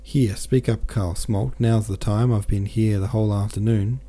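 A man's voice: lowish voice, fairly even intonation, normal speed, mellow, natural voice. A man reading a curt, stern merchant consul. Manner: curt, scolding. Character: stern middle-aged merchant consul, short-tempered.

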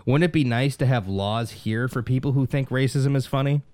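A man's voice: medium pitch, normal speed, a little mellow, no echo. A man co-hosting a podcast, ranting with lots of swearing in casual banter. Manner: profane, exasperated ranting. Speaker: podcast co-host.

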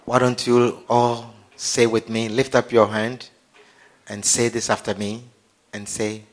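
A man preaching as a pastor, leading an altar call and a prayer in a slow, repetitive, pleading manner. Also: medium pitch, little pitch movement.

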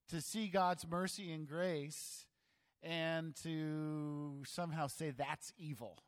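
A man preaching a sermon, reading scripture aloud and then explaining it with dramatic emphasis. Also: on the high side. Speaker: pastor. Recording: long hall reverb.

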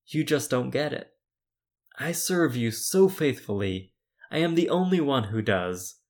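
A man's voice: mid-range voice, animated, unhurried. Man doing a fleeing prophet, defensive, self-pitying, complaining, sermon retelling. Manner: complaining, repetitive.

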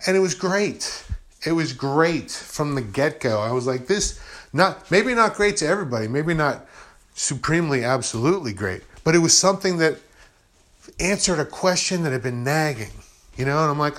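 A man's voice: fairly high pitch, animated, normal speed, a bit bright. A middle-aged man hosting a podcast, giving an earnest, rambling spiritual monologue and acting out quoted voices. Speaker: podcast host.

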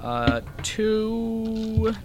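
A man's voice: sits high, big pitch swings, very slow, background noise. A man running a tabletop game as game master, talking in a loose, easygoing way with plenty of fillers.

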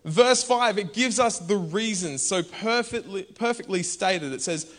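A man's voice: sits high, unhurried, few pauses. A man, preaching a conversational sermon in a church. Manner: conversational and animated, bursts into shouts. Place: church hall.

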